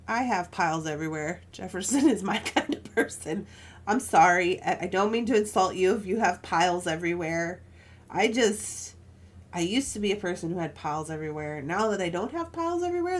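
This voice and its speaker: A woman's voice: mid-range voice, expressive, normal speed. A woman casually chatting while she crafts jewelry on a live stream, telling stories with frequent laughs and asides.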